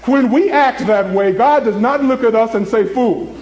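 A man preaching a sermon as pastor, swinging between excited high tones and soft low ones, acting out voices in little stories. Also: moderate pace, roomy sound, low-quality recording.

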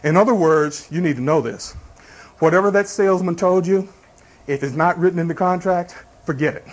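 A man's voice: high voice, brisk. A man preaching a sermon as a pastor, asking the congregation rhetorical questions and calling out for amens. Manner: tells everyday illustrations.

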